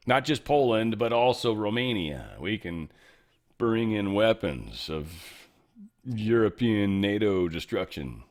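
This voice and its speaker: A middle-aged man hosts a casual news commentary, his fairly low voice swooping up and down with animated emphasis. He rambles sarcastically and swears freely as he reacts. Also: measured pace. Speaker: host.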